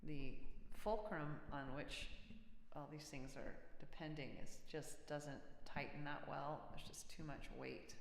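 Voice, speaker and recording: Woman streamer, gravelly voice, chatty and reactive, long echoing reverb. Mid pitch. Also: little pitch movement, a little slow. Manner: chatty, reacts aloud to chat messages. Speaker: livestream musician host. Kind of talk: casual livestream chat with viewers.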